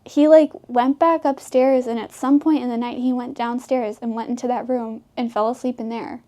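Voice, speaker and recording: A teenage girl in an interview, telling funny stories about her brother, chatty and quick to laugh. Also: a little high, fairly even intonation, mellow. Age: teens. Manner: giggly, chatty, quick asides. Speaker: interviewee, high school senior. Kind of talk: casual interview storytelling.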